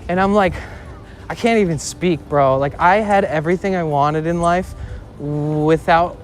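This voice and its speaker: A man's voice: on the high side, measured pace, faint music behind. Rambling young man telling a story. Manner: rambling, swears, fills with "like". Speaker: IRL streamer. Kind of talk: casual storytelling. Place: outdoors on a city street.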